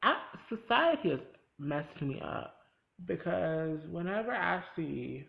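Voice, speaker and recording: Casual recap vlogger, lively pitch and gravelly texture, addresses the viewer directly. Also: takes it slowly, rough recording. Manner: animated, talks straight to the viewer. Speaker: TV episode reviewer. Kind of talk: casual chat recapping a TV episode.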